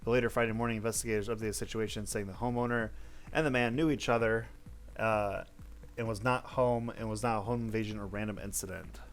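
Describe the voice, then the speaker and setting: A man's voice: fairly low pitch, steady tone, fast, faint music behind. Blunt man reading news stories. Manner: blunt, offhand asides with profanity. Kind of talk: casual news read-through with commentary.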